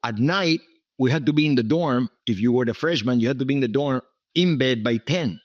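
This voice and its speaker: Briskly and at medium pitch, a Cuban guest in his seventies, a businessman whose first language is Spanish, spins rambling stories in an interview with a Cuban Spanish accent. He repeats himself and adds emphatic asides like "okay?" The audio has no echo but is muffled.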